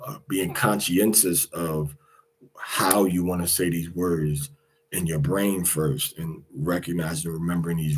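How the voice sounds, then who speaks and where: Slow, husky, deep-voiced male teacher. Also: a little mellow, poor audio. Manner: slow and repetitive, drilling each word aloud with fillers. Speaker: Hebrew pronunciation teacher. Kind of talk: casual spoken lesson.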